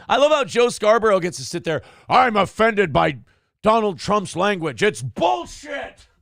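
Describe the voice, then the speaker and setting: High, gravelly, sarcastic male host. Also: no room sound, clean studio sound. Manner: sarcastic and profane, mocking. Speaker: podcast host. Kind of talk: comedic political rant.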